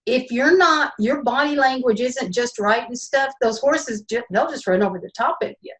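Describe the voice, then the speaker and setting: A woman's voice: on the high side, moderate pace, fairly bright tone, poor audio. A woman guest who trains horses, talking casually and a bit ramblingly with some restarts. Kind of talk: casual chat.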